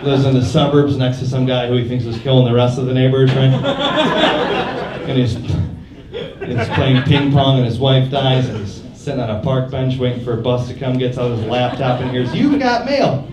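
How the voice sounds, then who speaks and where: A young man doing a stand-up set in a comedy club, deadpan with quiet mumbled asides. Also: medium pitch, moderate pace, over a noisy crowd. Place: comedy club stage, live audience. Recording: roomy club audio from a distance, loud noise.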